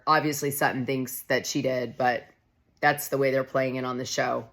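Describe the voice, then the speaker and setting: A woman's voice: rumbling low, little pitch movement, moderate pace, fairly bright tone. A woman vlogger recapping a reality show in a casual, chatty, opinionated way, often saying "like". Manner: gossipy, opinionated, heavy use of "like".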